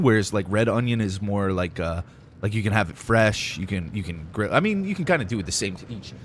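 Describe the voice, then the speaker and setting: Young male gaming streamer, lowish voice, laid-back rambling chatter, faint hiss behind. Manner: rambling, laid-back, heavy use of "like" and "dude". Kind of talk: casual chat while playing.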